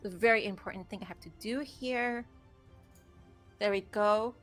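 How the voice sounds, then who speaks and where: A woman's voice: medium pitch, normal speed, fairly bright tone, soft background music. A woman playing a tabletop game, chatty and self-mocking as she explains her turn. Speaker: player. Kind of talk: casual play at a tabletop game.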